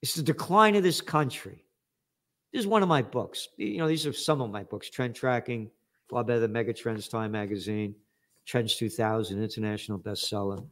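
A man's voice: lowish voice, normal speed, fairly bright tone. Blunt older New man. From United States. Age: 70s. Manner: blunt, emphatic, streetwise. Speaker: guest, author. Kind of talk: animated interview talk.

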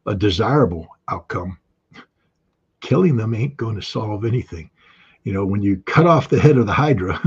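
A man's voice: fairly low pitch, darkish tone, slightly rough, muffled recording. A man giving conversational analytical commentary in an interview, with frequent ums and restarts.

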